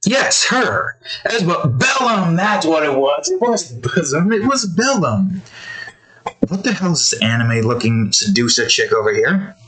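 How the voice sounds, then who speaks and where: A man's voice: fairly high pitch, expressive, normal speed, fairly bright tone, low-quality recording. A man rambling and correcting himself as he draws and chats to viewers. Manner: rambling, self-correcting, chaotic. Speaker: host drawing on stream. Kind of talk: casual rambling commentary.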